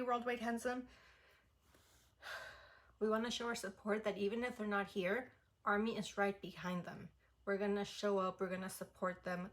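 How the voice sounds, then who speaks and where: A woman's voice: medium pitch, fairly bright tone. Chatty young woman reviewing an album. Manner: chatty and effusive, many "like" fillers. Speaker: music reaction vlogger.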